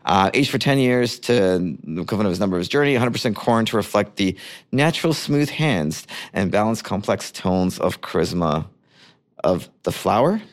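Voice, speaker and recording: Male podcast co-host from Canada, fairly low voice, casual and rambling with fillers. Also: expressive, normal speed. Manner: rambling, stop-start explaining with many fillers. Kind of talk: casual chat.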